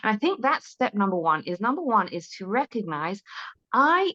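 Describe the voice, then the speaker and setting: A woman's voice: medium pitch, sing-song, moderate pace, bright, forceful tone, lo-fi sound. A woman guest in an interview, giving parenting advice in an earnest, conversational way, often checking in with "right?" and restarting her sentences.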